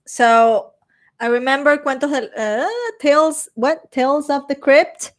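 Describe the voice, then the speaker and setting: A young woman with a Venezuelan accent chats in a slightly high voice, taking her time with each word. She reads questions from her viewers out loud and answers them in a casual, self-conscious way. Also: a little slow. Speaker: streamer reading chat. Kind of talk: casual chat.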